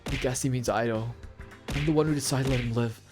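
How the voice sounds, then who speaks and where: Man voicing a young game hero, fast inner narration, middle pitch, faint music. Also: lightly acted. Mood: thoughtful.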